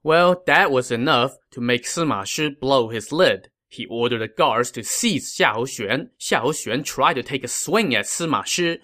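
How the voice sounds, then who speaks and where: A man's voice: medium pitch, bright, forceful tone. A man hosting a history podcast, telling the story in a wry, conversational style. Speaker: podcast host.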